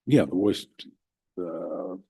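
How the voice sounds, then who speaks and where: A man on a city council giving a halting, plainspoken report at a desk microphone in a council chamber. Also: deep voice, gravelly, warm tone, breathy edge, dry recording, rough recording.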